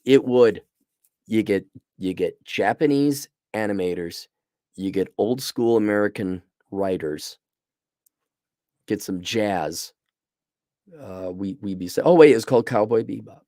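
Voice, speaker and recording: A man's voice: lowish voice, normal speed, dark tone, no echo, studio quality. A middle-aged man hosting a casual livestream review, talking bluntly and rambling, often restarting his sentences. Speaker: show host reviewing a series.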